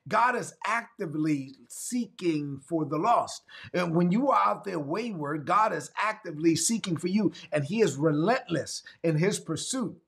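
Gravelly high-voiced preacher from Brooklyn. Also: male voice, a bit bright. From Brooklyn, New York. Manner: emphatic preaching, repeats refrains, urges viewers to type in the chat. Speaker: pastor. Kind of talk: livestreamed sermon.

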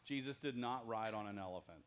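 A man's voice: fairly low pitch, fairly quick. A man leading a children's church lesson, joking and asking the kids questions as he tells the story. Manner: jokey, asks the kids questions. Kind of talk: playful Bible lesson for children.

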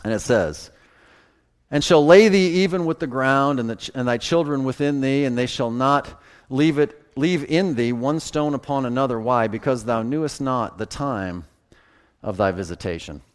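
A pastor preaching a sermon, building to emphatic, forceful peaks as he explains scripture. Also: mid-range voice, normal speed, clean tone.

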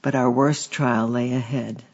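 A man reading a memoir aloud as an audiobook narrator, steady and measured. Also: medium pitch, highs cut off.

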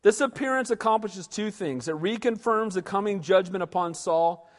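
A male pastor preaching an animated sermon in a church hall and questioning his audience. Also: sits high, moderate pace.

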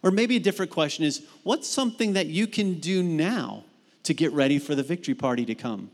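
A man preaching a sermon as pastor, animated and emphatic, dropping into casual asides while telling stories. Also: a little high, brisk, in a large hall. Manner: animated, rising to emphatic peaks. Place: church sanctuary.

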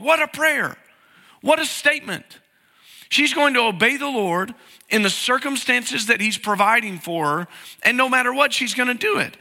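A pastor with a high, sharp-toned voice preaches a conversational sermon in a church sanctuary, questioning his congregation and acting out inner voices. Long hall reverb colors the recording.

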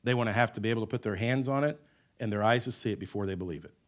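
A man preaching a sermon, who mixes humorous asides with emphatic lines and drops to quiet, stretched-out words. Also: lowish voice. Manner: wide swings between loud emphatic lines and quiet, drawn-out words; conversational asides and self-deprecating humor. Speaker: pastor.

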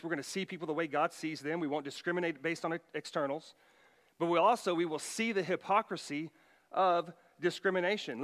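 A middle-aged man preaching a sermon as pastor, emphatic, his voice rising loud for quoted commands. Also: high voice, in a large hall.

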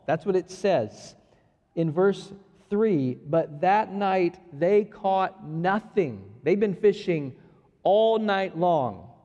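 A man's voice: high-pitched, in a large hall, highs cut off. A man preaching a sermon, acting out the lines of the passage as he reads and explains it. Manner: animated, acts out the dialogue of the passage. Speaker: pastor.

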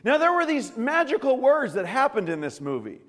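A male pastor from the United States preaching a sermon with prayer and personal stories, a lively, joking storyteller who often restarts his sentences. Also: extremely high pitch, normal speed. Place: church service. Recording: long reverb of a church hall.

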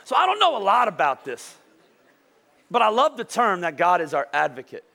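A male pastor with a high-set voice delivers a sermon like a chat. He jokes with the congregation and keeps tossing in "right?" to check they are following. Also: huge pitch swings, normal speed, gravelly, pushed and bright. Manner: conversational and joking, keeps asking "right?".

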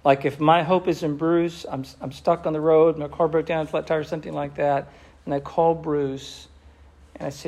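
Man, sermon, gravelly, slightly high voice, impassioned, slows for emphasis. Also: flat delivery, a little mellow. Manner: impassioned, slows down for emphasis, drops to near whisper. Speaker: preacher.

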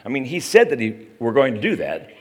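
A man's voice: mid-range voice, huge pitch swings, a little fast, slightly rough. A middle-aged man preaching a sermon in a conversational way, often asking the listeners questions. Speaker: pastor.

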